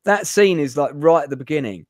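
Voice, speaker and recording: A man's voice: a little high, expressive, a little fast, no echo, clean studio sound. A man hosting a casual film review chat, hesitant with many fillers. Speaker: host.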